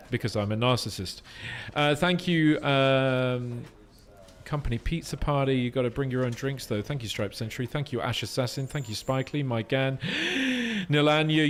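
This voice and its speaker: A man streaming a game in a small room full of screens, rambling casually to chat with self-mocking jokes. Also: medium pitch.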